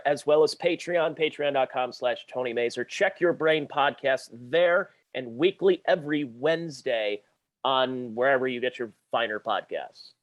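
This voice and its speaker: A man's voice: mid-range voice, no room sound. Easygoing radio guy, dry sound. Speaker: radio personality guest. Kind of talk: casual podcast chat.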